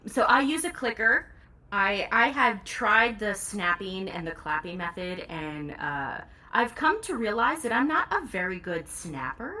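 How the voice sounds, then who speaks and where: A woman's voice: mid-range voice, bright, forceful tone. A woman audiobook narrator, a guest in a casual interview, talking candidly and laughing easily.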